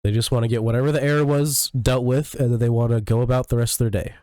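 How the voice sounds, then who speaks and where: A man's voice: mid-range voice, fairly even intonation, quick pace, a little mellow, no echo. Sick, cussing male streamer. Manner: profane, ranting, full of fillers. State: sick, coughing and clearing throat. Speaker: livestreamer. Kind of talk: casual rambling stream chat. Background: faint music.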